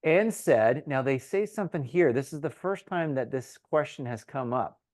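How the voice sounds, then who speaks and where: A man teaching a Bible study in a relaxed, conversational way, often acting out the crowd's voices in quotes. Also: mid-range voice, moderate pace, few pauses, no echo, clean studio sound.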